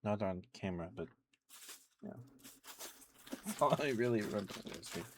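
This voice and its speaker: A low-voiced man talks softly and close to the mic in a relaxed ASMR chat, chewing between thoughts. Gentle crinkles and keyboard clicks sit faintly behind his voice. His pitch stays lower than most men's. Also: moderate pace, background noise. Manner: soft, relaxed, eating while talking. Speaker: ASMR streamer. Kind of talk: soft-spoken ASMR chat.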